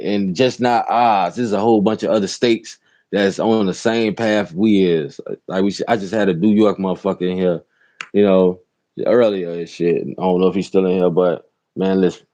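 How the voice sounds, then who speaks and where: A man's voice: low voice, fairly even intonation, normal speed, warm tone. A man from Chicago, a rideshare driver and show host, giving loose, profane ranting commentary from inside a car and repeating "real talk" often.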